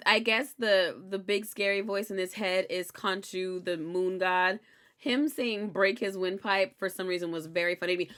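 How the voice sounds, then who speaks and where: A young woman hosting a recap show, chatting casually and candidly, animated and swearing freely. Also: mid-range voice, normal speed, smooth. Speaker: host recapping a TV episode. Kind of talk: casual chat.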